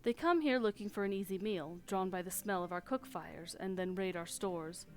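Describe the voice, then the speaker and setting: A brisk camp hand with rough manners who gets straight to business, as a woman reads his lines. His voice is mid-pitched and matter-of-fact. Music plays faintly behind him. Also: darkish tone, natural voice.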